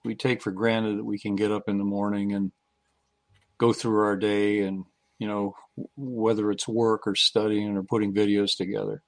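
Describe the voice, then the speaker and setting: Gravelly low-voiced man on a video call. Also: level tone, normal speed, dry recording. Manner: rambling, many fillers, warm greetings. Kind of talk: casual online roundtable chat.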